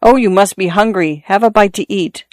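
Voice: medium pitch, normal speed, dry recording, natural voice. A reader voicing a grieving, emotional young mother in an audiobook story, pleading and tearful. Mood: coaxing. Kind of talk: audiobook character reading.

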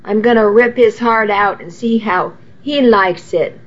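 Lady reading a book and doing a tough old nana, choppy broken english, slow, kinda muffled audio. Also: medium pitch, lightly acted. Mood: furious. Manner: fierce, clipped broken English. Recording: dull lo-fi recording.

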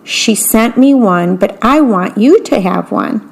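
A kind, calm old grandmother in a storybook reading, voiced by a woman narrator. She speaks slowly and gently, always reassuring. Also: mid-range voice, vocal fry, slightly rough, heavily acted.

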